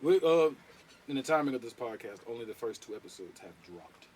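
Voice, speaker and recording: Animated man with lively pitch. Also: a little fast, slight background noise. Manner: animated, laughs often, jumps into a high voice when quoting. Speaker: podcast host. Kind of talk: casual chat.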